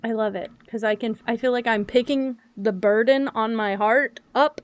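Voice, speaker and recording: Speaking at normal speed in a slightly high, clean-toned voice, a young adult woman streamer chats openly while gaming. She comes across as animated and talkative, and she calls herself loud and yappy.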